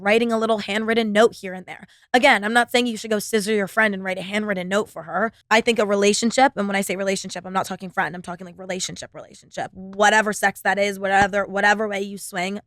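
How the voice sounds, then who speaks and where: A woman's voice: medium pitch, a bit bright, dry recording, studio quality. Blunt, profane young woman podcaster. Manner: blunt, profane, filler-heavy with frequent "like". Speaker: podcast host. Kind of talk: casual solo podcast monologue.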